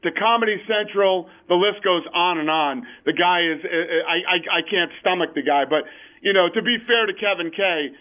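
A man's voice: high-pitched, normal speed. A man being interviewed over the phone, talking in a blunt, emphatic way. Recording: tinny phone line.

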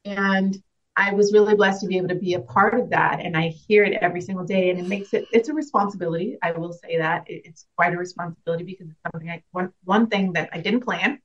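Earnest, reflective actress on a muffled line. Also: female voice, lowish voice, steady tone, fast talker. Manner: reflective, earnest, laughs often, many restarts. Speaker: actress guest. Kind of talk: casual interview.

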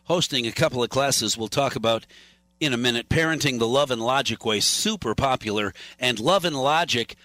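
Bright-voiced male radio host. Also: mid-range voice, dry recording. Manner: friendly, chatty, quick affirmations. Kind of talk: radio interview.

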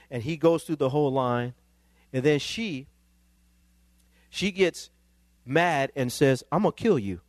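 A male pastor, preaching a sermon that climbs into emphatic, excited peaks. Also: fairly high pitch, no room sound.

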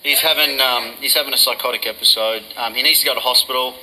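A man's voice: mid-range voice, steady tone, fast, pushed and bright, a little hiss or hum, low-quality recording. An Australian man, a police negotiator, talking firmly but reassuringly during a live crisis call-out.

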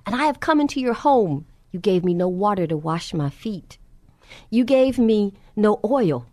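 Calm solemn man teaching gently, as a lady preacher lowers her voice, dry sound. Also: unhurried, no room sound, close to an everyday voice.

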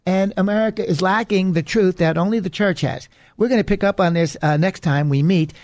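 A man's voice: high-pitched, fairly quick, a little mellow, no echo, clean studio sound. A man hosting a preaching program, delivering an earnest, emphatic warning message. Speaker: radio preacher and host. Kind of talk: preaching monologue.

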